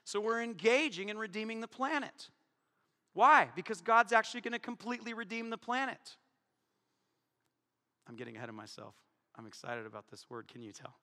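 Pastor, male, animated and joking in the pulpit, bright, lively high voice, long hall reverb. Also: a little fast, long pauses. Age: adult, married. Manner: animated, joking, swings from loud to hushed. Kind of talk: sermon. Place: church hall before a congregation.

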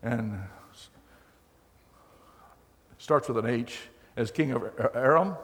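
A man preaching a sermon as pastor, telling the story in a folksy, animated way with acted quotes. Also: medium pitch, slow, pauses often. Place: church hall. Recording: long hall reverb.

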